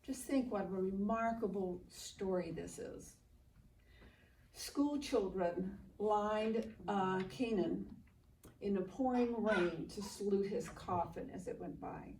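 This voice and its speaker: A woman's voice: mid-range voice, takes it slowly, darkish tone. An older woman, the daughter of the man being honored, giving an earnest speech at a public ceremony and telling stories with quoted dialogue. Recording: roomy, distant mic with faint background noise.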